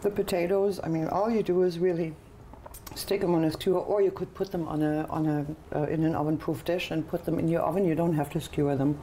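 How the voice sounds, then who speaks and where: A chatty, enthusiastic woman hosts a cooking show from a studio kitchen. Her voice sits a little low and sounds warm and mellow, with a faint hum of room noise behind it. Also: level tone, brisk. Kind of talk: casual chat on a TV cooking show.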